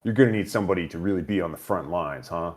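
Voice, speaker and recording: A man's voice: deep voice, fast talker, a little mellow, natural voice. A man voicing a boastful, pushy fourteen-year-old apprentice boy.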